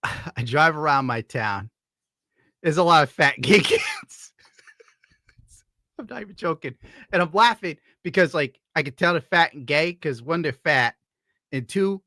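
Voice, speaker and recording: A man's voice: fairly high pitch, pushed and bright, no room sound, studio quality. A man from upstate New York giving crude, sarcastic commentary while browsing, laughing often. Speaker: streamer host.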